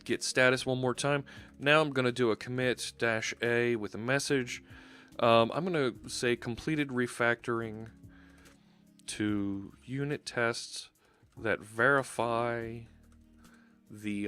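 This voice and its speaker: A man's voice: mid-range voice, takes it slowly, fairly bright tone, clear, resonant tone. Chatty man live-coding with faint music. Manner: chatty, thinking aloud with fillers. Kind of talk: casual live coding commentary.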